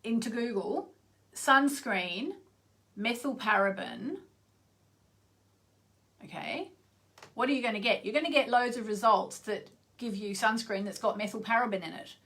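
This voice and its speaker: Woman astrologer, vlog host, chatty and rambling, lots of gravel in the voice. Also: on the high side, normal speed, fairly bright tone. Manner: chatty, rambling, many asides. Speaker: astrologer hosting her own channel. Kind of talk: casual spoken vlog.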